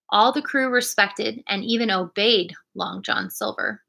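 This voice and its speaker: A woman reading a children's adventure story aloud in a clear storytelling manner. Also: medium pitch, a little slow, few pauses, pushed and bright. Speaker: reader.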